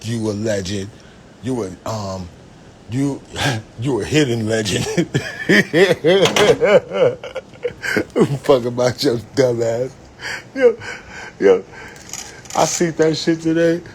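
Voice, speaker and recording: A man's voice: mid-range voice, very slow, pauses often, a little hiss or hum. A man hosting a casual livestream, rambling and profane, laughing often as he talks. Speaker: livestream host.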